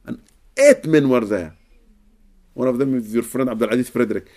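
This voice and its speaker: An earnest man gives religious guidance in a relaxed question-and-answer session. He speaks at an ordinary pitch and keeps checking that his listeners follow him with a quick "okay?" between points. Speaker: Islamic teacher answering questions. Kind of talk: casual religious Q&A talk.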